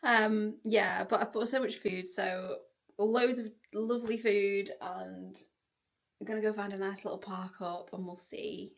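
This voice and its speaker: A woman's voice: mid-range voice, steady tone, a little slow, creaky, no room sound, studio quality. Chatty woman vlogging from her car. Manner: chatty, laughs often, thinks aloud. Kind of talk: casual vlog to camera. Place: inside a car. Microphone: handheld camera.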